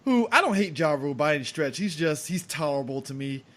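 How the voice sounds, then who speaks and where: A man co-hosting a podcast in casual banter, animated and profane, often laughing. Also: a little high, fast. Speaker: podcast co-host.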